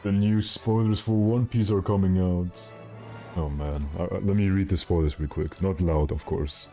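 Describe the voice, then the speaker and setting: A man's voice: sits low, fairly even intonation, moderate pace, dark tone, soft background music. A male streamer chatting casually and rambling, with self-mocking jokes while he plays. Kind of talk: casual gaming stream chat.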